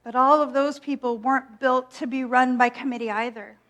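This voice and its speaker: A woman minister preaching a gentle, reflective sermon with playful self-mocking asides. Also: sits high, fairly even intonation, moderate pace.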